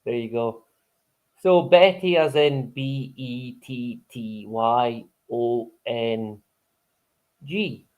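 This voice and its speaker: A man's voice: medium pitch, very slow, darkish tone. Rambling, cursing male live-stream host. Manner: rambling, swears freely, chuckles often. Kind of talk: casual live-stream chat.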